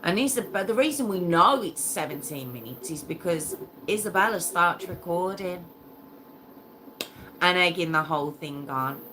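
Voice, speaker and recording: A woman's voice: on the low side, animated, moderate pace, noisy background. A woman hosting a true crime story in a casual, emotional and indignant way, repeating phrases as she goes.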